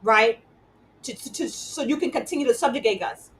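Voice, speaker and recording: A woman's voice: fairly high pitch, normal speed, a bit bright, slight background noise, low-quality recording. A woman hosting an interview show, talking conversationally and repeating words as she builds her points. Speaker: host.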